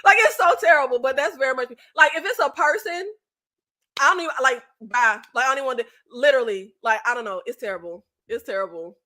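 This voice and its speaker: A woman with a high, bright voice chats casually with her viewers on a live stream. She talks in an animated, unfiltered way, swears freely and circles back with fillers and restarts. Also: fast. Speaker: YouTube host. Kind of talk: casual live chat with subscribers.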